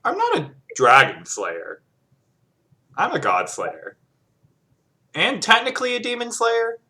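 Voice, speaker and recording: Man player in a tabletop game, bright tense voice, earnest. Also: high-pitched, huge pitch swings, takes it slowly. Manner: earnest, pleading. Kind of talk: casual tabletop play.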